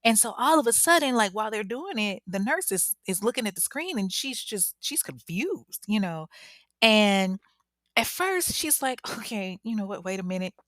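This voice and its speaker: A woman telling a true-crime story in a casual, slangy, animated conversational way. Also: fairly high pitch, normal speed, no echo, studio quality.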